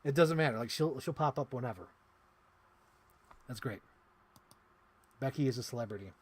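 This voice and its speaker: A man chatting casually on a live stream while unboxing toys, rambling and excitable with lots of "like.". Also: medium pitch, normal speed, breathy edge. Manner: rambling, excitable, heavy use of "like". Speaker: toy collector streamer.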